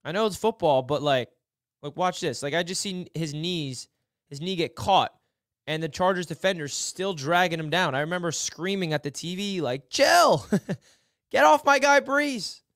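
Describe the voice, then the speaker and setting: A man with a slightly high, smooth voice talks through football film in a casual, excitable way. He drops to low mutters, then jumps up to shouts. The sound is dry and close. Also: moderate pace, no room sound. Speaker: sports film breakdown host.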